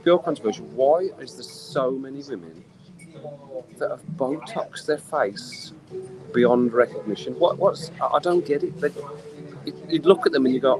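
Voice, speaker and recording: A man's voice: mid-range voice, moderate pace, crowd noise, rough recording. A man ranting in a rambling, exasperated way during a casual live stream from an outdoor poolside bar, audibly tipsy from drinking. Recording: clear music behind the voice. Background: music playing.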